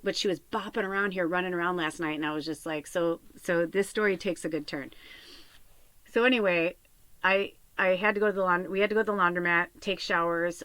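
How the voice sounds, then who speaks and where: A woman's voice: on the low side, fairly bright tone, smooth, no echo. A woman in her fifties telling a long personal story in a casual, rambling way, tired, restarting sentences and filling with "like". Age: 50s. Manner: rambling, emotional, filler-heavy with frequent restarts. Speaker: spiritual medium podcaster.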